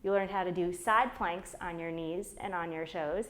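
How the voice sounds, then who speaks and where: A woman's voice: lowish voice, steady tone, moderate pace. A woman leading a beginner plank workout, counting down holds and coaching form, strained while doing the moves herself. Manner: counts reps aloud while exercising, strained on hard holds. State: shaking from effort during holds. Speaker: fitness instructor. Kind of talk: guided workout instruction.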